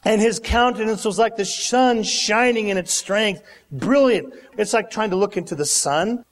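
A male preacher delivering a sermon, dramatic and animated, acting out the lines he quotes. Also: moderate pace. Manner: dramatic, acts out quotes with big pitch swings. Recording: long hall reverb.

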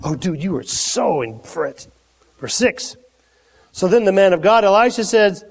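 A male pastor preaching a sermon in a conversational, animated way with dramatic swings from hushed to loud. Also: high voice, normal speed. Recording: echoey hall.

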